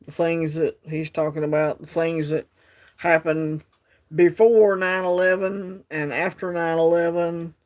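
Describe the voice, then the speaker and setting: A man's voice: fairly high pitch, level tone, measured pace. A man hosting a casual livestream from his phone, rambling and reading out the chat. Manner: rambling, drawling, reads chat aloud. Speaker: livestream host.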